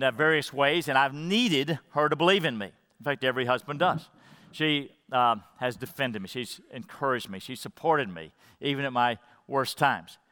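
A middle-aged man preaching a sermon as pastor, earnest and heartfelt, often dropping to a soft, quiet voice when moved. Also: medium pitch, long reverb tail.

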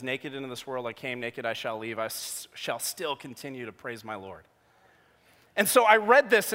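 Male pastor, 30s, sermon storytelling, bright forceful voice, slightly high, hall reverb. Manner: animated storytelling, jokey asides, swings from hushed to loud.

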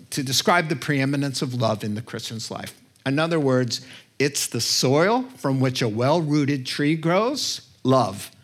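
A man preaching a sermon as pastor, telling stories expressively with his voice climbing high at emotional moments and making self-deprecating asides.

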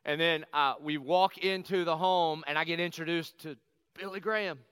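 A middle-aged man, a pastor, telling a personal story in a lively conversational sermon and acting out the quotes. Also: on the high side, moderate pace, clear, resonant tone, dry recording. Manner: animated, conversational, acts out quotes.

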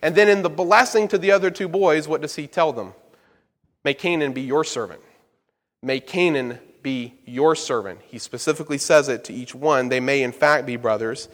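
A man's voice: on the high side, normal speed. A man preaching a Bible-study sermon, explaining verses emphatically and turning to the listeners with asides. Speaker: pastor. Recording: long hall reverb.

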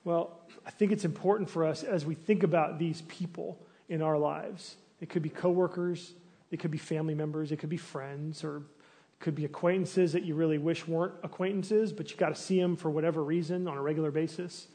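A man preaching a sermon in a relaxed, conversational way. He asks the listeners searching questions, restarts his phrases now and then, and his voice sits a little high for a man. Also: fairly quick. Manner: restarts and fillers, animated when acting out complaints. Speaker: pastor.

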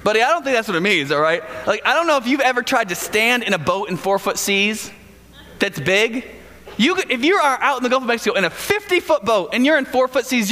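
A man's voice: very high voice, pushed and bright. A man preaching a sermon in a casual, joking storytelling way, acting out the voices of the people in his story. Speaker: pastor. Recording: long hall reverb.

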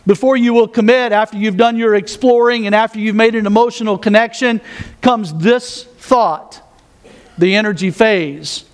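High-voiced man preaching a sermon. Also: fairly even intonation, normal speed, clean tone. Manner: conversational, with self-mocking asides and repeated words. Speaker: pastor.

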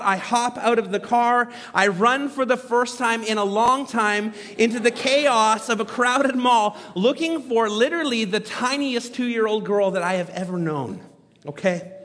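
A man in his thirties telling a story in a sermon as a pastor, animated and poking fun at himself. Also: high voice. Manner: animated, self-mocking humor. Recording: long reverb from a large hall.

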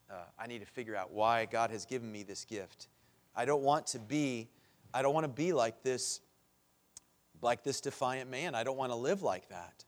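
A man's voice: mid-range voice, moderate pace. A middle-aged man preaching a sermon as pastor, earnest and building to impassioned pleas.

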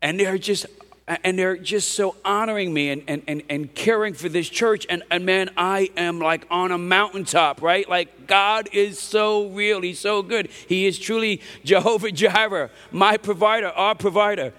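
High-voiced man preaching in a reverberant hall. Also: moderate pace, sharp tone. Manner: emphatic, repetitive, conversational preaching with "right?" asides. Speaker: pastor. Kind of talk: sermon. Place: church hall.

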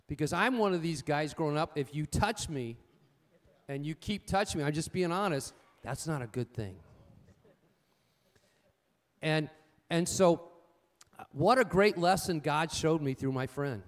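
A man with a high-pitched voice preaching a sermon. He tells folksy, humorous stories and repeats his key points. He often checks in with his listeners in call-and-response fashion. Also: animated, measured pace, long pauses. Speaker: pastor.

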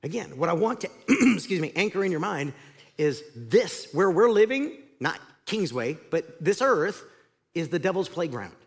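A man preaching a sermon as pastor, swinging from loud emphatic lines to hushed ones. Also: high voice, moderate pace. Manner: animated, dramatic swings between loud and hushed. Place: church sanctuary. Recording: reverberant church hall.

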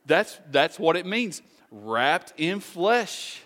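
A man's voice: a little high, very animated, slow pace, a bit bright. A man preaching a conversational sermon, asking rhetorical questions and making folksy asides to the congregation. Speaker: pastor.

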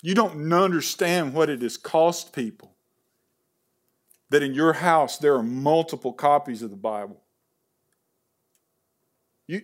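A man preaching a sermon at a camp service, questioning the audience and swinging from fervent peaks to quiet pleading, audibly emotional. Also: on the high side, unhurried, long pauses.

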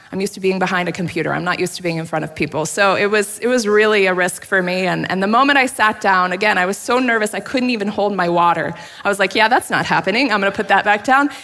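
A woman's voice: mid-range voice, bright, forceful tone. A woman pastor giving a sermon, telling a personal story candidly, laughing at herself now and then. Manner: candid, self-deprecating storytelling with frequent laughs. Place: church sanctuary. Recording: long hall reverb.

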